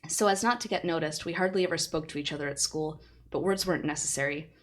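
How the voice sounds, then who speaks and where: A woman's voice: sits low, fast. A woman streamer reading a light novel aloud and chatting with her viewers, laughing often.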